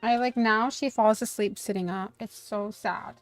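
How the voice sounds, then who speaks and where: A woman's voice: medium pitch, normal speed, dry recording, soft background music. A woman game streamer chatting casually and self-mockingly while playing, talking to the characters on screen. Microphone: desk USB microphone.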